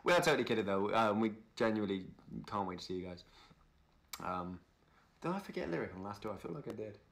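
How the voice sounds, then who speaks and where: A man's voice: on the low side, animated, quick pace, a bit bright. A man hosting a casual livestream, chatting with a friend and thanking viewers by name. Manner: reads out viewer names and thanks them, chatty and upbeat. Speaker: livestream host.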